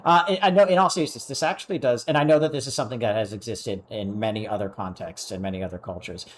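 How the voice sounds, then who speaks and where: A man's voice: on the low side, fast. A man streaming a game live, talking in a rambling, hesitant way with many fillers.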